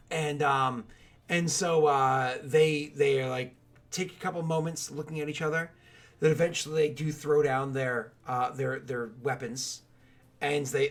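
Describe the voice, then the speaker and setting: A man narrating a tabletop game as game master, telling the scene in an animated way with lots of loose filler words. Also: mid-range voice.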